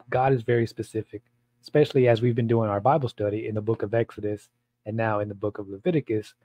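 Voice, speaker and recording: A man's voice: medium pitch, darkish tone, dry recording. Male pastor, casual bible study talk, blunt and rambling, dull lo-fi sound, dry. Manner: blunt, provocative, rambling with repeats.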